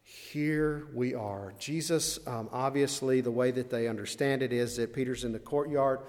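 A man preaching a sermon, dramatic in delivery, dropping to hushed asides and then rising to loud, slow, emphatic phrases. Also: medium pitch. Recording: long reverb of a large hall.

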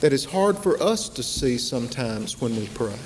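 Male preacher, slow emphatic sermon, mid-pitched voice, long hall echo, faint hiss. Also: sing-song. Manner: slow, emphatic preaching with dramatic pauses and repetition.

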